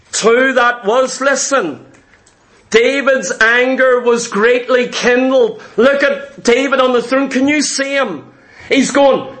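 A man preaching a sermon, retelling a Bible story slowly and dramatically and acting out the speakers' words. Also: very high-pitched, fairly bright tone. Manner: acts out biblical figures' speech.

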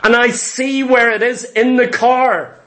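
A man's voice: very high voice, steady tone, a little slow, a bit bright. A middle-aged man preaching a sermon in church, telling stories with emphatic repetition. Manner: storytelling, emphatic, repeats phrases.

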